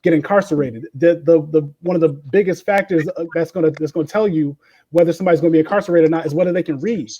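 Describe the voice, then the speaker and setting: A man with a mellow, warm tone talks quickly in a casual podcast discussion. He lays out his points in plain, explanatory steps. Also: fairly high pitch. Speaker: podcast co-host.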